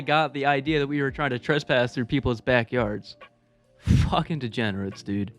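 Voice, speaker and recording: A man's voice: medium pitch, animated, moderate pace, faint music behind. Laid-back, cursing man telling a story. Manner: laid-back, profane, chuckling asides. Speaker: storytelling vlogger. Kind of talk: casual storytime monologue.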